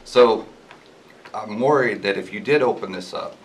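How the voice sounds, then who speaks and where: A man's voice: lowish voice, normal speed, a little hiss or hum, rough recording. A man with a Southern US accent giving an earnest, pleading public comment at a town hearing. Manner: earnest, pleading, repeats his point.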